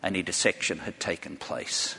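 A man's voice: low-pitched, moderate pace, sharp tone, husky. A man preaching a sermon to a large congregation, telling stories earnestly and putting direct questions to his listeners. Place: church hall before a large congregation. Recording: long hall reverb.

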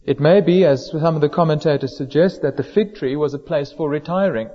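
A man preaching a sermon in a church, measured and slowing down to stress key words. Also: a little high. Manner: measured, slows down for emphasis on quoted words. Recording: dull lo-fi sound in a hall with long reverb.

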